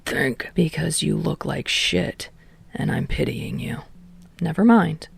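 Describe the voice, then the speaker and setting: A woman's voice: low voice, lively intonation, slow, creaky, breathy edge, no echo, pitched below the performer's own voice, heavily acted. A woman voicing a smug, laid-back young male barista who speaks dry and unbothered, half-whispered. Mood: deadpan.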